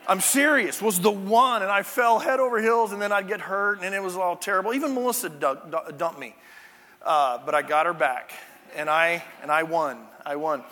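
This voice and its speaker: High bright-voiced male pastor preaching. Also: moderate pace. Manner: chatty, jokey asides to the congregation. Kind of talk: conversational sermon. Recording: long church-hall reverb.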